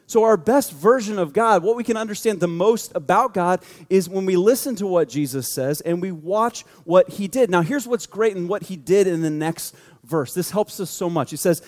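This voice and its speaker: A man with a high voice preaches a sermon in a loose, conversational way, full of jokes and lively asides. His voice rings through a large hall with a long, trailing reverb. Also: normal speed. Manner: animated, joking, conversational preaching. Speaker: pastor.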